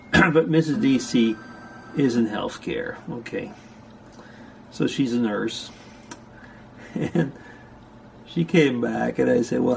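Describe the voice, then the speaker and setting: Older man, gravelly voice, slow unhurried chat, rambling with dry asides, home vlog, faint machine hum behind. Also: medium pitch. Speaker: vlogger. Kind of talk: casual chat to camera. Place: upstairs room at home. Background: slide scanner noise.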